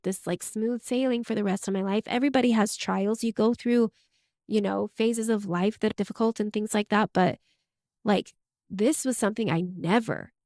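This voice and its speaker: A woman's voice: fairly high pitch, darkish tone, dry recording, studio quality. A young adult woman and podcast host, telling her own story in a candid, emotional way with many "like" fillers. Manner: emotional, open, frequent "like" fillers.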